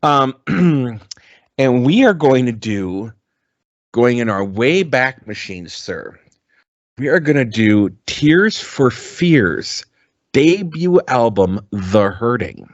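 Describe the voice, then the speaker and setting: This podcast co-host has a medium-pitched, sing-song voice and speaks slowly, chatting casually and rambling with plenty of ums, restarts and free swearing. The recording is muffled, with no room sound.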